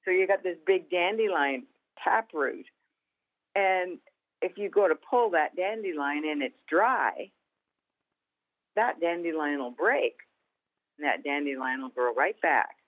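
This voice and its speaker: A woman, a guest author and minister, telling stories in a folksy, animated way during a Christian interview. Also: sits low, a little slow, pauses often. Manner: animated storyteller, folksy, laughs easily. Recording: tinny phone-like sound.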